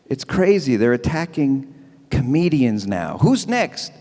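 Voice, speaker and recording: A man's voice: medium pitch, measured pace. A man doing a chatty, self-mocking stand-up comedy set at an evening event. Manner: animated, chatty, self-mocking, acts out bits. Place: event hall with live audience. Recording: long hall reverb.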